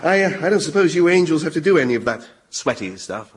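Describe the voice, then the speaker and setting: Brief: a fawning, giggly demon lackey, high and bouncy, for radio comedy. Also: male voice, sing-song, fast. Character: bumbling shape-shifting male demon servant.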